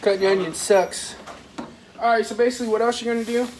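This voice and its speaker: A man's voice: very high voice, fairly even intonation, fast talker, darkish tone, poor audio. A man, chatting informally to viewers in a casual cooking vlog from his parents' kitchen. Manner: rambling, informal, talks straight to viewers. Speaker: fishing vlogger. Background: faint household noise.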